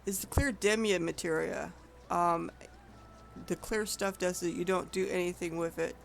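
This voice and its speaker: A woman's voice: fairly low pitch, fairly even intonation, moderate pace, vocal fry. A woman streaming an online game, chatting casually and rambling with frequent self-corrections. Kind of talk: casual gameplay commentary.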